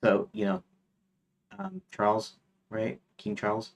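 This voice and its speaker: A man's voice: on the low side, very animated, unhurried. A man streaming his game development work, rambling casually with lots of fillers and restarts, reading items off a list. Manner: rambling, thinks aloud with many fillers and restarts, reads lists off screen. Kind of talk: casual rambling devstream talk.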